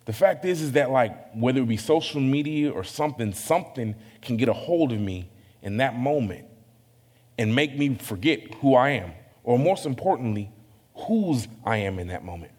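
A man's voice: mid-range voice, normal speed, husky. Conversational man preaching in a hall. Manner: conversational, self-deprecating, animated asides. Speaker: pastor. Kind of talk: sermon.

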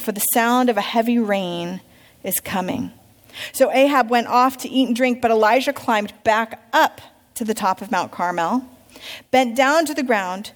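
A woman with a somewhat high voice teaches a Bible lesson, reading scripture aloud and turning it into a lively story. She pauses to quiz her class. Her voice carries a long reverb, as if heard in a large hall. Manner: storytelling, asks the class questions.

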